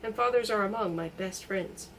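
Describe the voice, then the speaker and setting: A woman reading a novel aloud, putting on a blustering, rambling man with a high, hoarse voice and a strangely feminine manner. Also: moderate pace, fairly bright tone, distant mic, slight background noise, close to an everyday voice. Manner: drawling, mocking, rambling. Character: fussy, blustering middle-aged man in a fog.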